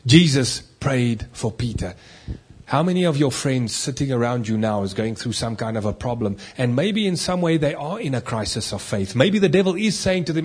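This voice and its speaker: A man delivers a sermon in a husky, mid-pitched voice. He preaches emphatically, swinging between loud, driving lines and soft, low asides. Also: expressive, moderate pace. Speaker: pastor.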